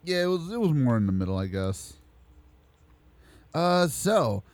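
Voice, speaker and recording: A man hosting a casual podcast, swearing, laughing often and slowing down to announce award results. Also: a little high, sing-song, darkish tone, dry recording. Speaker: podcast host.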